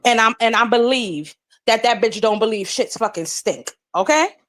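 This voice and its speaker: A grown woman live-streaming, telling a long story in a blunt, profane and indignant way, with rapid run-on retelling. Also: a little high, animated, a bit bright. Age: adult.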